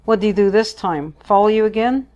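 A woman's voice: mid-range voice, moderate pace, a little mellow, lo-fi sound, lightly acted. A woman voicing a worried female friend on the phone, asking concerned, probing questions.

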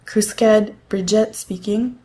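A woman's voice: medium pitch, steady tone, slow, warm tone, close to an everyday voice. Woman voicing a cheery French-accented scheduler. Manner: cheery, helpful. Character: cheery female airline crew scheduler.

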